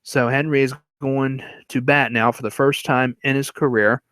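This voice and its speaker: A man retells a film's plot in a loose, rambling way, full of fillers and small chuckles. His voice sits at an ordinary middle pitch. The recording is dry and close. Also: steady tone, normal speed, a bit bright, clear, resonant tone, no room sound. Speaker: movie reviewer.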